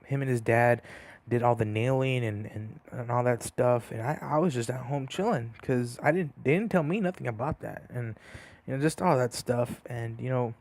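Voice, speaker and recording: A man's voice: mid-range voice, normal speed, darkish tone. A young man casually telling a story over gameplay, rambling with lots of fillers and restarts. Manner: rambling, many fillers and restarts, laughs at himself.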